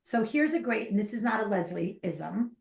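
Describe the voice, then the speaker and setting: A woman's voice: mid-range voice, normal speed, vocal fry. Emphatic woman coach in an echoey room. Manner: animated, emphatic, acts out parents and kids in quotes. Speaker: ADHD parenting coach, podcast guest. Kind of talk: casual interview chat.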